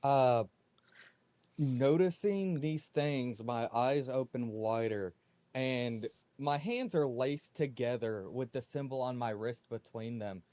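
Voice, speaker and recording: Man, tabletop player, calm, slow, mellow dark tone. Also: medium pitch, dry recording. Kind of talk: casual tabletop play, describing actions.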